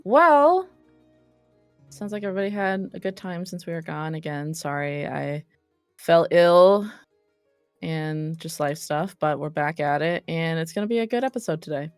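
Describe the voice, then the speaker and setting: Woman, low voice, game master, relaxed rambling recap, dry close sound, faint music behind. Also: normal speed, smooth, dry recording. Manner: relaxed, rambling, many ums and self-corrections. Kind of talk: casual session recap for a tabletop role-play.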